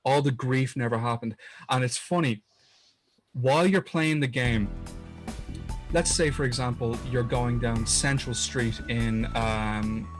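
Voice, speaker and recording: A man's voice: mid-range voice, unhurried. Man retelling a game's story, music behind. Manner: earnest retelling with frequent restarts and stumbles. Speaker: podcast co-host. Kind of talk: casual chat.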